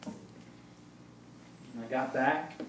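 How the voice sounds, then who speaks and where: A male pastor giving his personal testimony in an animated storytelling manner, acting out the voices of people he quotes. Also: medium pitch, very slow, slight background noise. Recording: echoey room.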